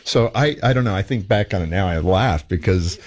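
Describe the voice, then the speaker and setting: A man hosting a talk show, chatting in an animated way, telling personal stories and laughing often. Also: low voice, fairly quick. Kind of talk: conversational interview.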